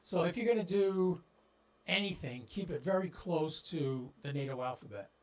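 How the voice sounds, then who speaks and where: Folksy ham radio host with a clip-on mic. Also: male voice, on the high side, expressive, normal speed, poor audio. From southeastern US. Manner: folksy, talks directly to viewers, stumbles into jokes. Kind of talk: casual livestream talk. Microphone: clip-on microphone on shirt. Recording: popping and scratching from mic.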